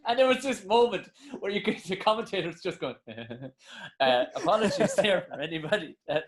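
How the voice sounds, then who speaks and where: A young Irish man tells stories in a casual podcast chat and swears freely as he goes. His voice sits a little high for a man. He is a comedian guest. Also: lively intonation, moderate pace, soft background music. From Ireland. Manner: swearing, storytelling, acts out quotes.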